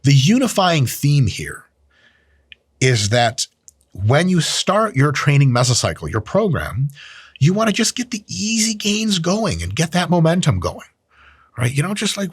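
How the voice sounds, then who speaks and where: A man giving a casual, animated training explanation, full of swearing and jokes. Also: medium pitch, a little slow, slightly rough, no echo, studio quality. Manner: animated, profane, jokey. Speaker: strength training educator.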